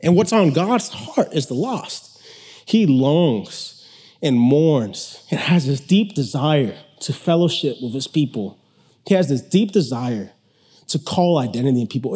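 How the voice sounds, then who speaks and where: A man's voice: fairly high pitch, mellow. A young man preaching a sermon in a casual, conversational way, often restarting his sentences.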